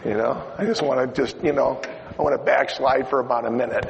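A man's voice: medium pitch, steady tone, brisk, gravelly. An older man preaching a sermon. He tells an emotional story and turns to ask his listeners things. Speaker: pastor. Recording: lo-fi recording in a reverberant hall, faint noise.

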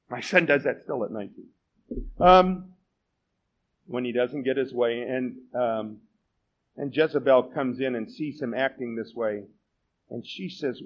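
A man's voice: mid-range voice, slightly rough, muffled recording. A man in his forties preaching a sermon as pastor, telling the story with self-deprecating humor.

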